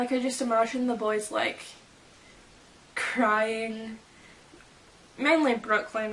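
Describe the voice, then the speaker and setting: A woman's voice: fairly high pitch, bright, forceful tone. A woman chatting casually as a fan vlogger, reading fan fiction quotes aloud and giggling about how people would react. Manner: giggly and playful.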